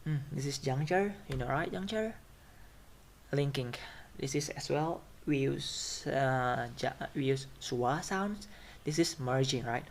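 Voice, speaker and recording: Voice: mid-range voice, slow pace. A presenter explaining phonetics in an informal classroom style. They hesitate and restart often, and keep checking in with "right?". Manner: checks understanding with tag questions like "right?".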